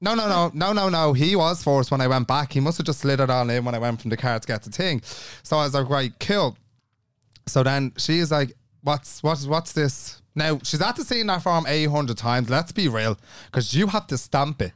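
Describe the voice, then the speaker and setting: A young Irish podcast co-host tells a long story in casual chat, animatedly acting out every person's voice and swearing freely. His voice is a little high, clear and resonant, at normal speed, in a dry, studio-quality recording.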